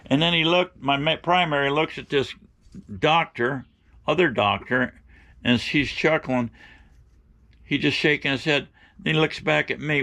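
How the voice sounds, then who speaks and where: A man's voice: fairly high pitch, measured pace, vocal fry, long pauses, bright, forceful tone. A middle-aged man telling rambling, folksy stories to his viewers, blunt and opinionated. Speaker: outdoor vlogger.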